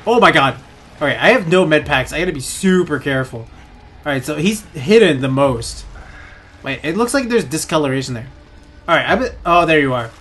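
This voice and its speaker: A young man narrating his horror game playthrough, swearing often and yelling at enemies. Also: a little high, lively intonation, moderate pace. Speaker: gaming YouTuber. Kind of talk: let's play commentary.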